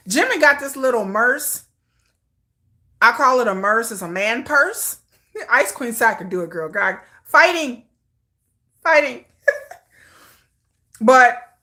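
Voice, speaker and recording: Fairly high in pitch, her voice sounds pushed and bright. This Detroit woman hosts a laid-back K-pop livestream from her home computer under a ring light, talking sassily and laughing often.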